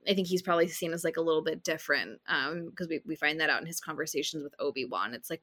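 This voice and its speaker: A woman's voice: low voice, fast talker, few pauses, sharp tone. A woman co-hosting a casual film podcast, chatty and opinionated, with many "like" fillers. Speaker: podcast co-host. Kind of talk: casual chat about films.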